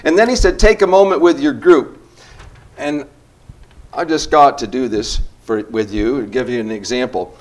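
A man's voice: medium pitch, normal speed. An older man leading a church group session, talking in a casual, rambling way with restarts and self-deprecating asides.

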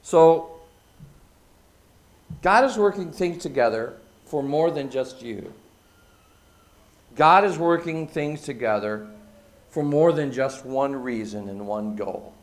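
A man preaching a sermon, using emphatic repetition and dropping from loud, stressed phrases to hushed asides. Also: medium pitch, lively intonation, slow pace, long pauses. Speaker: pastor.

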